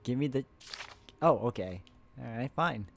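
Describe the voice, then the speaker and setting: A man's voice: medium pitch, lively intonation, unhurried, creaky. Man reading game letters aloud. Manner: reads letters plainly, breaks off to chat and laugh. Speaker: host, playing a co-op puzzle game.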